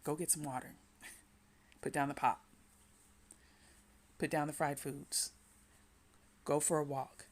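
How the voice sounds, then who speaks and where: This woman's voice sits low and her delivery is flat as she offers a slow Christian devotional talk. Repeating her message, she urges the listener to breathe and pray.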